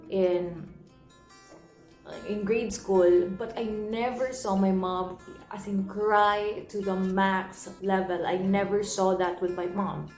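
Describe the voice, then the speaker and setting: A young woman telling a personal story in an earnest, emotional way, often repeating and restarting her phrases. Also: medium pitch. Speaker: vlogger. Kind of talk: personal confessional vlog. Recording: roomy echo, soft guitar music underneath.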